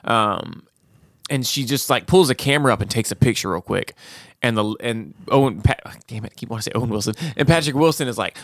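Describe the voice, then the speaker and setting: A man's voice: medium pitch, normal speed, no room sound, clean studio sound. A man on a casual podcast, tipsy from beer, animatedly retelling a horror film's ending and acting out the characters' lines. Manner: animated storytelling, acting out quotes. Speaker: podcast co-host. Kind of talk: casual movie recap chat.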